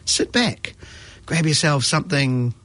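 A man's voice: a little high, expressive, a little slow, fairly bright tone, no room sound. A man with a New Zealand accent hosting a radio arts show in a studio, chatty and self-mocking. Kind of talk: casual radio chat.

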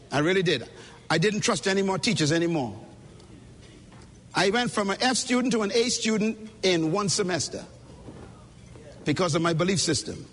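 Man, motivational conference speaker, preaching style, very high voice, long hall reverb. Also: fairly bright tone, a little hiss or hum. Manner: emphatic, preacher-like, addresses audience directly.

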